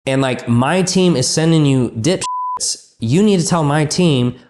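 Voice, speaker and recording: A man's voice: fairly high pitch, expressive, unhurried, noisy background. A man coaching a business owner in a blunt, profane, ranting way.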